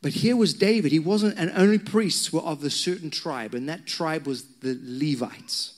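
The pastor's voice sits a little high, and he keeps a moderate pace. He tells personal stories animatedly during his sermon, pausing for conversational asides to the people in the pews.

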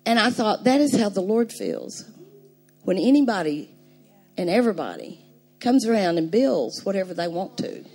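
An older woman preaching a sermon, telling a story with animated emphasis and laughing now and then. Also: mid-range voice, normal speed, faint music behind.

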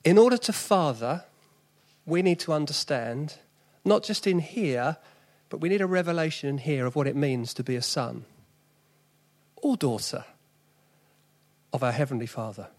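Man, forties, South East London accent, preacher, earnest chatty sermon, fairly high voice, builds to emphatic peaks. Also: normal speed, a little mellow. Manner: earnest and conversational, with sudden emphatic rises.

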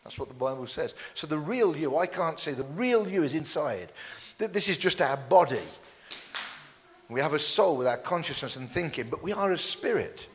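Lively, jokey male preacher. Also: a little high, moderate pace, big-room sound, slight background noise. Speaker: pastor. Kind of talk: sermon. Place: church.

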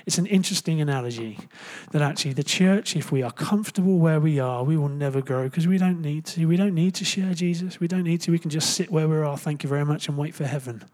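A young man preaching in a loose, talky way, his voice sitting a little high for a man. He jokes with the room, trips over his words and corrects himself, then pushes on with the point. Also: quick pace, hardly any pauses. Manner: chatty and jokey, full of fillers and self-corrections; animated, jumps into loud playful asides. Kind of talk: casual conversational sermon.

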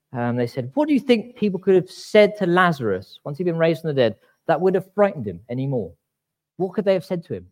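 A man preaching a sermon in a church, talking casually and with wry asides, slowing down to read scripture aloud. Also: mid-range voice, a little mellow.

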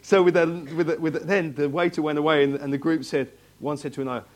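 A man's voice: a little high, steady tone, fast. A man preaching a sermon to his congregation, talking in a conversational way, asking them questions and often repeating himself. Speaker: pastor. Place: church hall, in front of a congregation.

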